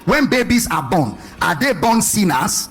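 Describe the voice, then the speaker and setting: A man's voice: high voice, sing-song, measured pace, fairly bright tone, husky, faint music behind. A man preaching a sermon, questioning his congregation and stressing points in a sing-song way. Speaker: pastor.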